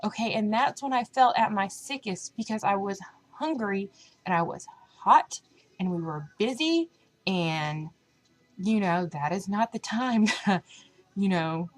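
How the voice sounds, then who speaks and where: A young woman chatting casually on a diet vlog, full of fillers and animated retellings of what others said. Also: mid-range voice, unhurried, low-quality recording. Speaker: vlogger.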